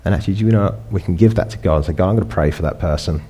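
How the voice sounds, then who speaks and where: A middle-aged man delivers a sermon in a relaxed, conversational way. His voice sits low, and he pushes it up into emphatic peaks when he wants to stress a point. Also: rapid-fire, breathy edge. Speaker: pastor.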